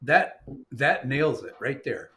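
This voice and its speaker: A man's voice: mid-range voice, expressive, slow pace, fairly bright tone. A man telling a story in casual conversation, rambling with fillers and restarts and quoting what others said to him.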